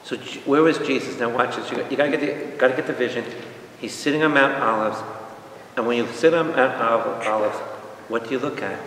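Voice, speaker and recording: Animated priest echoing from far off. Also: male voice, medium pitch, brisk, slight background noise. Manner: animated, asks the audience questions, acts out quotes. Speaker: priest teaching Bible study. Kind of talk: lively Bible study teaching. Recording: echoey hall from far off.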